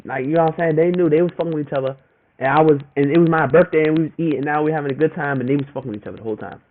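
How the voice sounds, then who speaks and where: A young man with a fairly high voice rambles through a personal story in heavy slang and circles back over the same phrases. His voice pops up high when he quotes people. The sound is thin and phone-like, with a faint hiss under it. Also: very fast. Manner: rambling and repetitive, slangy, animated when quoting others. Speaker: vlogger telling a personal story. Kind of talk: casual storytime monologue. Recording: tinny phone-like audio with faint noise.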